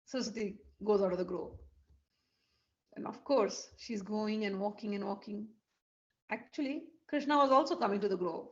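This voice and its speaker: A woman telling a devotional story, lively, acting out each character's lines. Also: mid-range voice, normal speed, highs cut off. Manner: animated, acts out the characters' lines.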